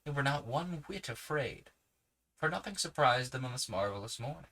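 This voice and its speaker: A man reading a children's novel aloud, unhurried, with small self-corrections and casual asides. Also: medium pitch, expressive, sharp tone, poor audio. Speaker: podcast host reading a book aloud.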